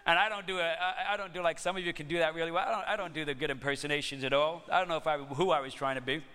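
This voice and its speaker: A man preaching a sermon, telling stories in an animated way and laughing often. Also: a little high, rapid-fire, smooth, long reverb tail. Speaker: pastor.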